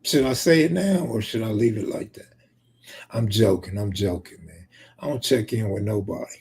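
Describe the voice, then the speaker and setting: A man's voice: lowish voice, normal speed, darkish tone, husky. A man from California, live streaming and casually reading viewer comments aloud, bantering back with joking, profane remarks.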